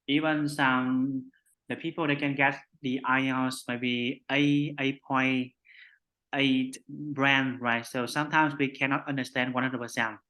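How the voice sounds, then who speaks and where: A man with a Vietnamese accent leads an English lesson in a bright, clear voice. He talks slowly and repeats words over and over, tagging "right?" onto nearly every phrase. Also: medium pitch, little pitch movement, low-quality recording. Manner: slow, repetitive, adds "right?" after most phrases. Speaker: English teacher. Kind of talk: online conversation lesson.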